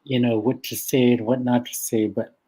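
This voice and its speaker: An older man from the west coast of Vancouver Island, a guest storyteller telling stories in an unhurried, gentle way with frequent laughter. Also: mid-range voice, little pitch movement, husky, poor audio. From west coast of Vancouver Island, Canada. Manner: unhurried and gentle, laughs often between phrases. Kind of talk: casual spoken storytelling.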